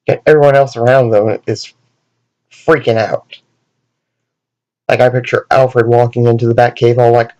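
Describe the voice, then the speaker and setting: A man's voice: medium pitch, little pitch movement, normal speed, pauses often, a little mellow, rough recording. A man hosting a comedic commentary vlog, jokey and self-mocking, fond of puns. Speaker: video host.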